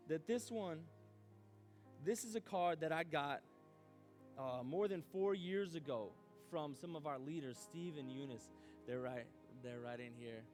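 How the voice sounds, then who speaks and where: A man preaching a youth sermon as youth pastor, animated, acting out his own doubts aloud. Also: sits high.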